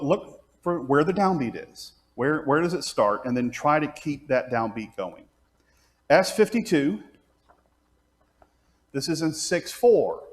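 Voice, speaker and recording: A man teaching a class on leading congregational singing, explaining step by step and singing out pitches and counting beats aloud. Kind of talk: hands-on music class teaching.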